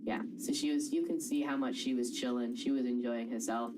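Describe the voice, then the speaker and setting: A woman's voice: very deep voice, fairly even intonation, fairly quick, a loud crowd, poor audio. A woman chatting casually as a co-streamer, distracted and swearing now and then. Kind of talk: casual chat.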